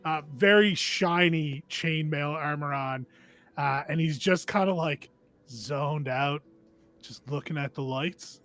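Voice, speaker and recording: A man's voice: on the high side, slow, a bit bright, soft background music. A man player describing his character in a tabletop game with a laid-back, drawling manner.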